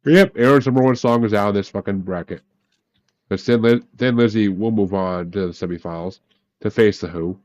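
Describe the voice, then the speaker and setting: A man's voice: lowish voice, a little fast, darkish tone, muffled recording. A man hosting a casual group podcast, talking with profane enthusiasm. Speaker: podcast host.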